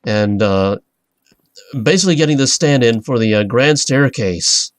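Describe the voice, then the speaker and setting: Male let's-play host, mid-pitched, dry booth sound, excitable and rambling commentary. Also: a little slow, clear, resonant tone, no echo. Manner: rambling, excitable, self-interrupting. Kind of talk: casual gameplay commentary.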